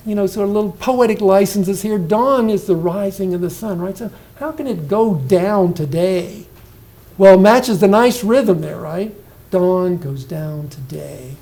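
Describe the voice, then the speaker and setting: A retiring professor in his sixties, with a high-sitting, gravelly, warm voice, gives an informal poetry lecture at an indoor reception, often quizzing his listeners and restarting sentences. The audio is poor.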